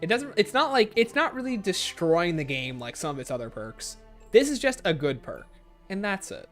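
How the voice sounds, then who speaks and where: Man, gaming streamer, casual chat, animated pitch, faint music underneath. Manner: rapid-fire listing, sliding up and down in pitch. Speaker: gaming livestreamer. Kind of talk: casual livestream chat, reading viewer comments aloud.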